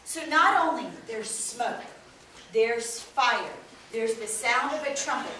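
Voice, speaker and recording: A woman telling a Bible story to children with lively expression, quizzing them as she goes. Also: a little high, takes it slowly. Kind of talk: animated Bible lesson for kids. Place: classroom with children. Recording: echoey room, far from mic, noisy.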